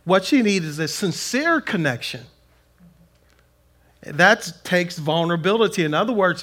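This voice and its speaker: Man, pastor, sermon, middle-aged, animated, high-ish pitch. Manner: animated preaching, acts out quotes in raised voice.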